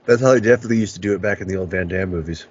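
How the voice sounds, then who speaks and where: A man's voice: low-pitched, rapid-fire, a little mellow, slight background noise. A man hosting a podcast, telling a long story in a rambling, casual way and swearing a lot. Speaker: podcast host. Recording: lo-fi podcast recording.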